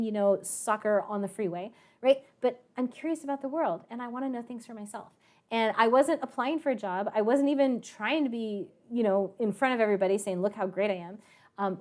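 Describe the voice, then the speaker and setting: A woman's voice: mid-range voice, darkish tone. A woman math and science teacher telling a story to her students in a chatty way, with many fillers and acted-out quotes. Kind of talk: storytelling to students in an online class.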